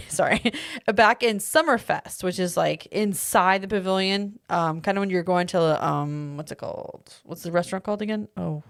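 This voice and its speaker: A woman co-hosting a podcast, casually going through a list of food items, easygoing and quick to laugh. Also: fairly low pitch, gravelly, no echo, clean studio sound. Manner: easygoing, laughs often, reads from notes. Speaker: podcast co-host. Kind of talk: casual chat, reading out menu items.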